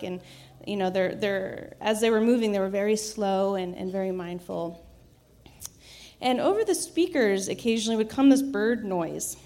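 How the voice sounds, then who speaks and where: A woman with a middle-pitched voice recounts a personal memory in an easy, reflective way. She pauses on fillers and restarts often, and breaks into small laughs as she talks. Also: a little mellow. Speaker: storyteller. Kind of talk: casual personal storytelling.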